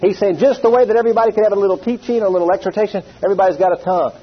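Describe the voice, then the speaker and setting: This sermon comes from a middle-aged man whose voice is high-pitched, husky and very fast. He tells animated stories with acted quotes and draws call-and-response from the congregation, captured in dull lo-fi sound.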